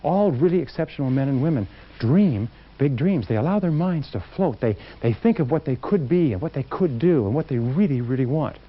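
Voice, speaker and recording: A man's voice: mid-range voice, lively intonation, a little fast. Emphatic male motivational speaker, lo-fi. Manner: emphatic, acts out quotes. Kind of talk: seminar talk to a live audience. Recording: dull lo-fi recording.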